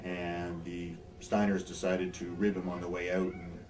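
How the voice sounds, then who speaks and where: A man's voice: low-pitched, completely flat delivery, normal speed. A man, a former pro wrestler, telling dry, wry backstage anecdotes in an interview. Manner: wry anecdotal storyteller, acts out quotes. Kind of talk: shoot interview storytelling. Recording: distant mic, faint ambient hiss.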